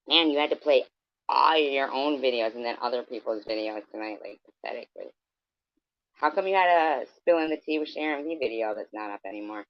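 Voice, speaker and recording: In a dull, dry lo-fi recording, a man with a mid-range voice talks a little fast as he rants to his vlog viewers. His casual tirade is scornful, full of profanity and wanders all over.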